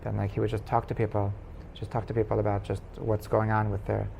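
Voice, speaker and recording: A male rabbi leads an informal class, narrating a story with lots of false starts and repeated words. His voice is gravelly and creaky. A faint hiss runs under the recording. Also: fairly low pitch. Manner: halting, many restarts, animated when telling the story. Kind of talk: casual storytelling lesson.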